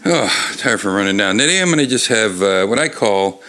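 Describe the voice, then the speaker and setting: An older man hosts a laid-back book podcast from a bar, rambling along with wry bits of swearing. His voice sits on the low side and is expressive at a normal speed. The tabletop mic has been shifted off-axis, and there's noise in the background.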